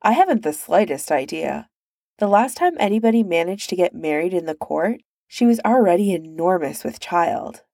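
A woman's voice: on the low side, very animated, normal speed, vocal fry, a little mellow, no room sound, exaggerated voice. A woman voicing an arrogant, sardonic young male prince with a dry delivery in a storybook reading.

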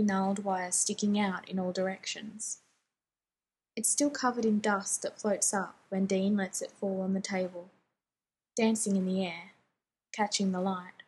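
Lady narrating fan fiction, quiet and intimate, husky airy voice, mid pitch. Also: low-quality recording.

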